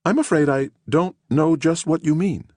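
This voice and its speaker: For an audiobook, a man voices an earnest, kindly woman in her fifties whose manner is fussy and pitying, and she sounds anxious. He lifts his natural voice to a highish, slightly mellow register at a moderate pace. The recording is dry with a clean studio sound.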